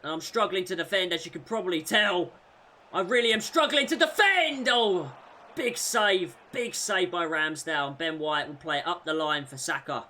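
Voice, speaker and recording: Excitable man commentating a football game. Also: on the high side, moderate pace. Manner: excitable, shouts at big moments, groans at mistakes. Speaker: gaming YouTuber. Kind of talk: live commentary over a football video game.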